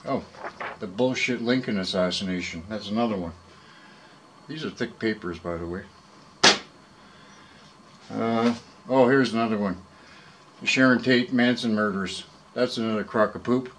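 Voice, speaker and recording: A man vlogging to his viewers in a rambling, profane monologue, full of fillers and quick apologies. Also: lowish voice, a little hiss or hum, rough recording. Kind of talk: casual rambling monologue to camera. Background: background music.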